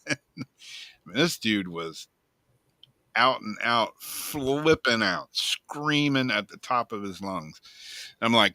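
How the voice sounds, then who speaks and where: A man's voice: low voice, slow, pauses often, dry recording. A man co-hosting a casual talk show, telling a story in a loose, profane way and laughing often. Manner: profane, laughing, animated retelling. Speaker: co-host.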